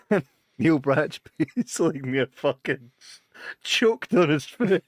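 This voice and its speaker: A man's voice: on the high side, lively intonation, slow pace, no echo, studio quality. A Scottish man co-hosting a podcast, telling stories in casual chat, swearing and laughing a lot. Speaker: podcast co-host.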